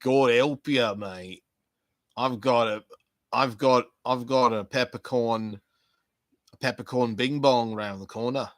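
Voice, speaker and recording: A man's voice: mid-range voice, slow, a bit bright, no echo. A man putting on a silly accent and playing a bloke who spouts rhyming nonsense. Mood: mock-confident.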